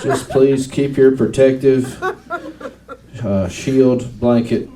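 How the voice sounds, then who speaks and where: A man's voice: medium pitch, fairly even intonation, takes it slowly. A man doing a stand-up comedy set, shifting into a mock-preacher and mock-redneck delivery. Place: comedy club stage before a laughing crowd. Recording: distant mic in a noisy crowded club.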